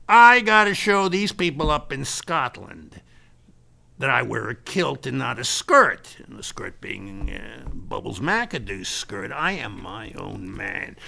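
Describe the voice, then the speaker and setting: A man doing a brash, gravelly self-made laird. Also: medium pitch, very animated, slow pace, pushed and bright, heavily acted. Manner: brash, self-important, rambling salesman bluster. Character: boastful American businessman turned self-styled Scottish laird. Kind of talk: improvised comedy character monologue.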